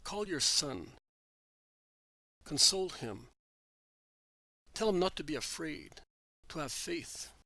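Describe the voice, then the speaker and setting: A man's voice: on the high side, big pitch swings, slow pace, vocal fry, long pauses, bright, forceful tone, no echo, heavily acted. A man reading as a grieving old father. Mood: anguished. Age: older. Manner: pleading, tearful and urgent.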